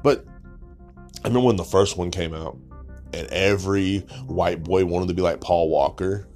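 A man's voice: sits low, moderate pace, darkish tone, soft background music. A young man hosting a podcast, ranting in a crude, sarcastic, mocking way and swearing constantly. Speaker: podcast host. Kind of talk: profane comedic rant.

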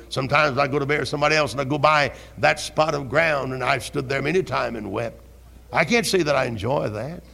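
Gravelly older preacher. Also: male voice, a little high. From American South. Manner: fervent preaching, repeating questions, rising to shouts. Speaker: pastor. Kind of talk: sermon. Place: church sanctuary. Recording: 1971 archival church recording.

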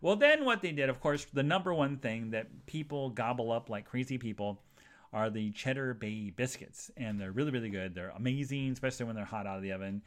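Male podcast host, casual monologue, rambling, lively pitch, mid-range voice. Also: a little fast. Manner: rambling and animated, jumps to high voices for quoted people; chatty asides to listeners, many fillers.

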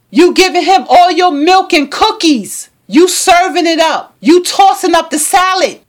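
A woman podcast host delivering a passionate, sassy opinion monologue. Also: sits high.

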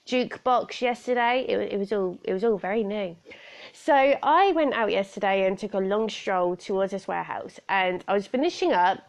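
A woman's voice: medium pitch, normal speed, creaky. A young woman hosting her own podcast in a chatty, bubbly, self-deprecating way. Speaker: podcast host. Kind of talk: casual solo podcast chat.

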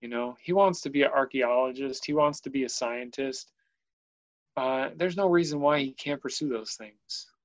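Earnest, halting father. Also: mid-range voice, poor audio. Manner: earnest, halting, searching for words. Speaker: father of a disabled son. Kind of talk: candid personal conversation.

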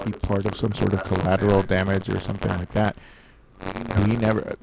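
Gravelly low-voiced man over crowd noise. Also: level tone, a little fast, rough recording. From Miami, United States. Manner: storytelling, with repetitions and restarts. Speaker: podcast co-host. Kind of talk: casual chat.

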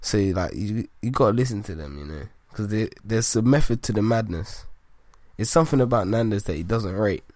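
A man's voice: fairly low pitch, lively intonation, a little fast, a little mellow, no room sound. A man in casual podcast chat, slangy and rambling. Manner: slangy, rambling, laughs easily.

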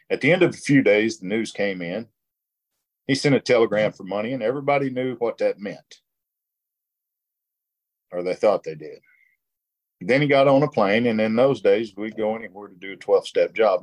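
A man's voice: on the low side, a little mellow. A middle-aged man leading a recovery workshop, reading passages aloud and sharing his own story in an earnest, plainspoken way. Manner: earnest, plainspoken, with short laughs. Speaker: workshop leader.

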